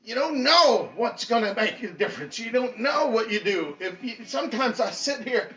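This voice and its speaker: A man giving an impassioned motivational pep talk as a fitness instructor, preachy and repetitive, bursting into shouts. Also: extremely high pitch, animated, normal speed. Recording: echoey, distant, dull mic with faint music.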